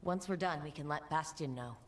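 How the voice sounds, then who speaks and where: A woman voicing a grim game companion who studies old writing in a ruin, speaking low and steady. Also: brisk, close to an everyday voice. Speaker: game character.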